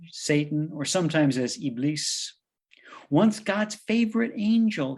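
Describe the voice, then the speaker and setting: A man giving a scripted lecture in a dramatic, wry, emphatic manner. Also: fairly high pitch.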